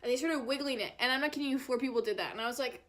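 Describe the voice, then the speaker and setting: In a storytime vlog, a young adult woman tells her tale in a chatty, dramatic way, full of filler words and delivered at a racing speed. Her voice runs a little high, though she often sinks into a lower, heavier tone for effect.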